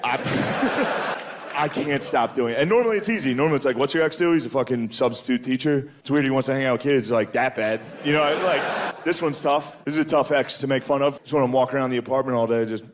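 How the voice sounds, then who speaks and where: A man's voice: mid-range voice, fast talker, a little hiss or hum. A man doing a stand-up comedy set, laid-back and crude, often slipping into exaggerated character voices. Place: comedy club stage before a laughing audience.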